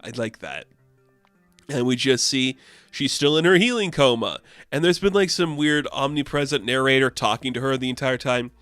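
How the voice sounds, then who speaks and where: A man's voice: medium pitch, animated, normal speed, fairly bright tone, no room sound, soft background music. Rambling casual man, dry sound. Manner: rambling, heavy on "like", swears. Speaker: comic book reviewer. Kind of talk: casual review chat.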